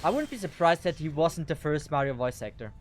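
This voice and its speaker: A casual game streamer at a middling pitch, rambling along and amusing themselves between moves. Soft game music runs underneath the chatter. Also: lively intonation, fairly quick. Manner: chatty, rambling, self-amused.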